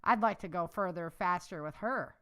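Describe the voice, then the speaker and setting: A woman voicing a boisterous, slightly drunk male ex-Marine who booms and teases. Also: moderate pace, bright, forceful tone. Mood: boisterous teasing. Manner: booming, teasing.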